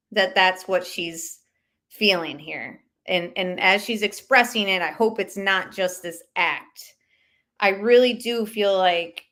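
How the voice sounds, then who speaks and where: A woman with a medium-pitched, fairly bright voice hosts a casual live commentary stream. She voices strong opinions in a conversational style and reads out viewer comments along the way.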